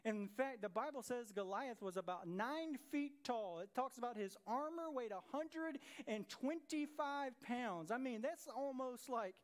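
Animated pastor preaching a sermon. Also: male voice, extremely high pitch, measured pace, few pauses. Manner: animated storytelling, acts out voices of Bible characters.

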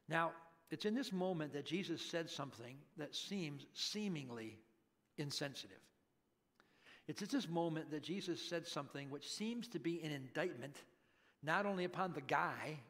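A middle-aged male pastor preaching a sermon, dramatically acting out pleading voices and hushed prayers. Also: high-pitched.

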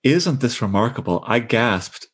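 A man leading a book discussion with students, reading passages aloud with animated emphasis. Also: mid-range voice, measured pace, husky. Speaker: discussion leader.

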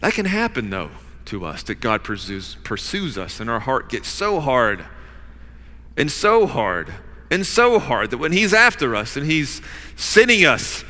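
A man preaching a sermon who acts out the voices of the people in his story, swinging between loud urging and hushed, low asides. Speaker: pastor. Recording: long hall reverb.

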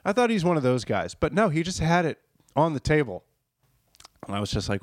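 A man telling a funny story about his job as a server in a profane, animated way, acting out the people in it. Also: medium pitch, brisk, no echo, studio quality. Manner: profane, animated, acts out quotes. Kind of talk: casual comedic storytelling.

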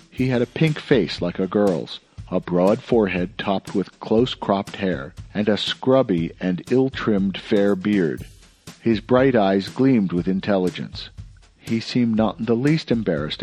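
A man narrating an audiobook in a steady, measured storytelling manner. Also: sits low, breathy edge. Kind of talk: scripted narration.

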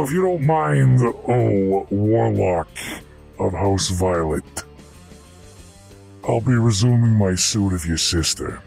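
A man voicing a crude, belligerent duke who swears and blusters loudly in a gravelly tone. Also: fairly low pitch, pitched below the performer's own voice, heavily acted. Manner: rude, blustering, loud. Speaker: game master voicing a character.

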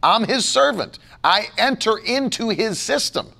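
A man's voice: high-pitched, expressive, measured pace, vocal fry, sharp tone. A man pastor preaching a sermon, emphatic and repetitive, firing off rhetorical questions.

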